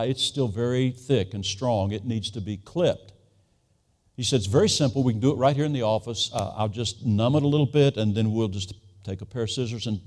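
A man's voice: medium pitch, darkish tone. A man in his sixties preaching a sermon, telling a family story earnestly and acting out the voices he quotes.

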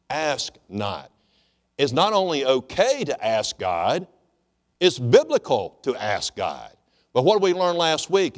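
A man preaching to his congregation, emphatic and insistent, repeating his points and firing off rhetorical questions. His voice sits a little high and moves through a wide, animated range. It rings out with the long reverb of a large hall. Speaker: pastor. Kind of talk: sermon.

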